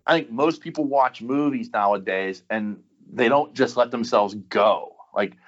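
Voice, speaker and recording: A man's voice: medium pitch, unhurried. Rambling man with a dull lo-fi sound. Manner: rambling and enthusiastic, many restarts. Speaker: podcast guest. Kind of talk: casual chat.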